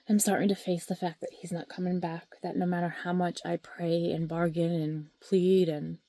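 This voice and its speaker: A woman speaks candidly to her handheld camera at home, her voice carrying a gravelly fry. She talks in a raw, rambling and emotional way and sometimes drops to a whisper. The sound is close and dry, with no room echo. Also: on the low side, warm tone. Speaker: vlogger sharing her grief. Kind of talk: candid talking-to-camera vlog. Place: at home, indoors. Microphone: handheld camera or phone.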